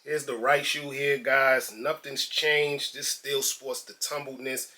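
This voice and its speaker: A man's voice: medium pitch, little pitch movement, takes it slowly, very noisy. A man from New York doing a laid-back, slangy sneaker unboxing review and calling his viewers guys and man.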